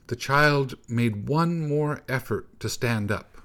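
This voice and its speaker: A man reading a folk tale aloud in a measured storybook narration. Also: mid-range voice. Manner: slow, measured, hushed at times.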